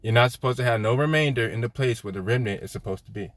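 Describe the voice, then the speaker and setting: A man's voice: mid-range voice, fast. A man leading a casual Bible study, reading scripture aloud and talking with viewers, often checking in with "right?" and laughing. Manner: conversational, peppers lines with "right?", laughs often. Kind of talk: casual livestream Bible teaching.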